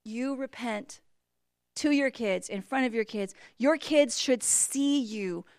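High-voiced woman preaching, dry sound. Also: expressive, measured pace, dry recording. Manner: storytelling, moves between hushed asides and loud outbursts. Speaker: church speaker and mother. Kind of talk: sermon.

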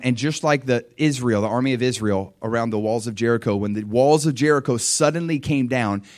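A man preaching a sermon and recounting a vision, fervent, dropping to quiet asides and rising to loud surges, often restarting his words. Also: medium pitch. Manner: restarts and stumbles over words.

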